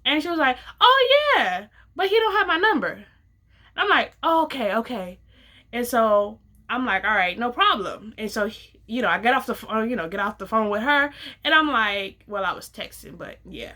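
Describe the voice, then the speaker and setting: Woman, young adult, bright voice, fairly high pitch, casual storytime, acts out quotes. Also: moderate pace. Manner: animated, acts out quoted dialogue, casual slang. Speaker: vlogger telling a story.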